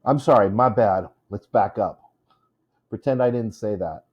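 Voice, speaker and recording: A man's voice: fairly low pitch, measured pace, slightly rough, dull audio. A man teaching a casual lesson on poetry, chatty, with many fillers, stopping to correct himself. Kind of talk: informal classroom lesson.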